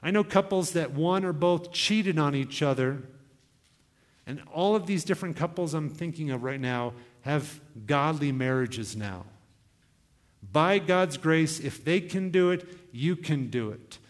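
A young man preaching to his congregation with earnest urgency, slipping into quoted asides as he exhorts. His voice sits a little high, and the church hall adds a long reverb. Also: a little slow. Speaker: pastor. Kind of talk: sermon.

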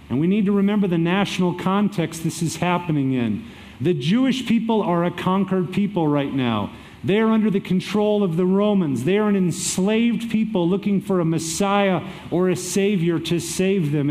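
A high-pitched man preaches a sermon, walking through scripture. His delivery is energetic, with emphatic drops and lifts. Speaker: pastor.

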